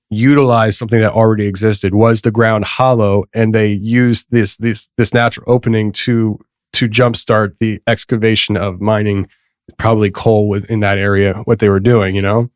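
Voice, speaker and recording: A man's voice: fairly low pitch, no room sound, clean studio sound. A man hosting a podcast, telling a story in a loose, rambling way with many restarts and frequent laughs. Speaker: podcast host. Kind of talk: casual conversation.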